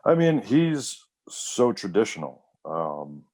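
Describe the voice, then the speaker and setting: A man's voice: lowish voice, big pitch swings, slow, darkish tone. A man in his thirties, a wrestler guest, telling rambling stories in a casual interview, full of fillers and quoted voices.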